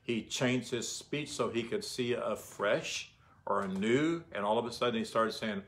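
Unhurried and fairly bright in tone, this mid-range male voice belongs to someone teaching the Bible informally. He keeps it conversational and often throws rhetorical questions at the people listening.

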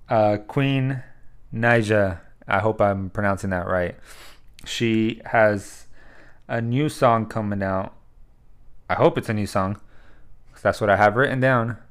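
A man's voice: on the low side, clear, resonant tone. A man co-hosting a podcast, chatting casually and rambling with lots of fillers and swearing. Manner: loose, rambling, swears freely, many fillers. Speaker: podcast co-host. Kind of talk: casual chat.

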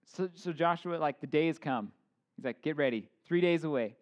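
A man in his thirties gives a relaxed, conversational sermon in a slightly high voice. He talks informally, slipping in jokes and asides, and restarts his sentences often. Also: moderate pace. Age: 30s. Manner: informal, joking asides, many fillers and restarts. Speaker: pastor.

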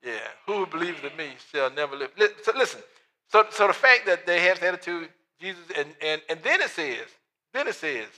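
High, bright preacher in an echoing hall. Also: male voice. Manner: storytelling preacher, acts out the Bible dialogue in quiet asides, then builds to shouts. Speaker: pastor. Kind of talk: sermon.

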